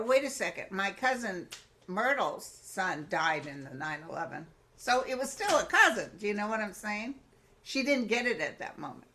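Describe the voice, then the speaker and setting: Animated woman telling vivid stories. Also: medium pitch. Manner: animated, colloquial, acts out quoted voices. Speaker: psychic medium guest. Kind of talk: personal storytelling in an interview.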